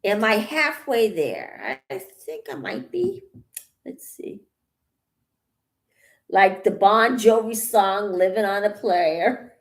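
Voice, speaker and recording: Slow, breathless woman rambling while crafting. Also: mid-range voice, lively intonation. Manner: rambling, thinks aloud, pauses often. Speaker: channel host. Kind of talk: casual vlog while painting.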